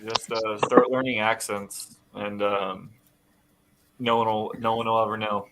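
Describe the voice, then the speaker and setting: A man's voice: lowish voice, level tone, a little slow, very noisy. Joking man in a casual chat. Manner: loose, profane, jokey.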